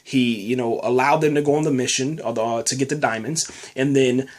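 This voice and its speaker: A man's voice: mid-range voice, steady tone, normal speed. A man hosting a podcast, giving a casual, rambling spoken review full of fillers and restarts, often saying "man". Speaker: podcast host reviewing a TV episode.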